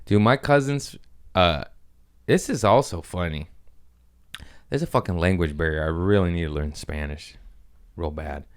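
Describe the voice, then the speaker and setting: A man's voice: low-pitched, moderate pace, pauses often, smooth. A man hosting a podcast, telling loose, rambling stories with swearing and laughs in a casual chat. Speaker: podcast host.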